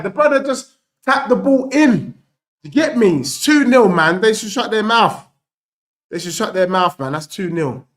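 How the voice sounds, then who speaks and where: A young man hosting a live football watchalong, bantering excitedly and reading out viewer messages. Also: fairly high pitch. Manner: excitable, animated banter, reads out super chats.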